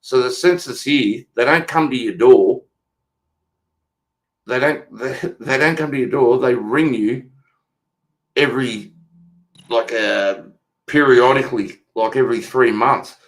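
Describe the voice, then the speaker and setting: A man's voice: mid-range voice, unhurried, long pauses, fairly bright tone. An Australian man in a loose, profane chat who tells his story bluntly and mocks whoever he quotes. His voice sits in an ordinary middle register. He sounds unbothered and talks freely. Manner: blunt, swears freely, retells calls in a mocking voice.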